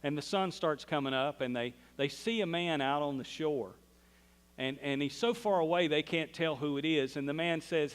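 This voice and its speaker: Folksy Southern preacher in a reverberant hall. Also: male voice, on the high side, fairly quick. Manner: folksy storytelling, acts out quoted voices. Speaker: pastor. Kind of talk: sermon.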